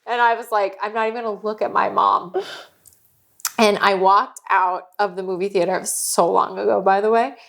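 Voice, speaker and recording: A woman's voice: medium pitch, fairly even intonation, moderate pace, vocal fry, fairly bright tone. A woman co-hosting a podcast, telling stories in casual chat, candid and profane, often laughing as she talks. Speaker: podcast co-host.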